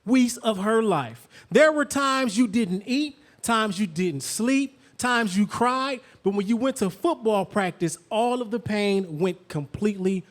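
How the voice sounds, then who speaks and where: A man's voice: sits high, animated, measured pace, few pauses. A man hosting an interview show, asking questions casually and hyping up his guest, calling on the audience to cheer for her. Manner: hype-man, calls on the crowd to cheer. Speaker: host.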